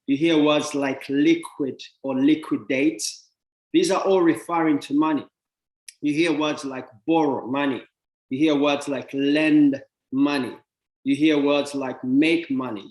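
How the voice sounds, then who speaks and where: A man giving an animated motivational talk about money, often repeating words and acting out little exchanges with other people. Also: a little high, reverberant, poor audio. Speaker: speaker teaching about money.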